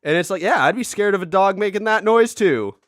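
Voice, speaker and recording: A man's voice: sits high, a little fast, dry recording. Casual young American man, dry sound. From United States. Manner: animated, swearing, loud mock dog howls. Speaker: podcast co-host. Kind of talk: casual chat.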